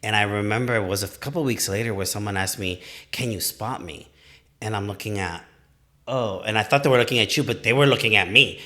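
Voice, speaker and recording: A man's voice: fairly low pitch, fast, sharp tone. A man in his late forties, a podcast guest telling candid, self-deprecating stories in casual conversation. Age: late 40s.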